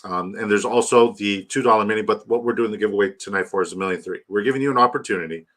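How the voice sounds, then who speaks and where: A man's voice: lowish voice, quick pace, fairly bright tone. A man hosting a casual livestream, rambling about his draft, reading chat aloud and hyping a giveaway. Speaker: livestream host.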